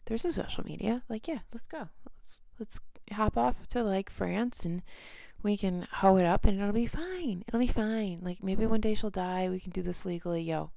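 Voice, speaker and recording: A woman voicing a smug, flippant Victorian gentleman who brushes off his marriage, with a low, gravelly tone. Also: lively intonation, normal speed, few pauses, no room sound. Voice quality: breezy, flippant.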